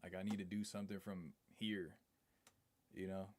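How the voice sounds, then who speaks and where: A man's voice: sits low, level tone, normal speed, slight background noise. A man live streaming in a casual, slangy way, reading viewer comments aloud and chatting back. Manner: slangy, laid-back, reads chat aloud and answers it.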